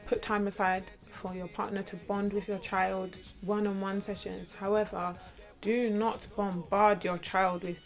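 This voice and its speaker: Woman vlogger, mid pitch, emphatic direct advice over faint music. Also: flat delivery, measured pace. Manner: emphatic, repeats points for stress. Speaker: vlogger giving parenting tips. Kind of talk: casual advice talk to camera.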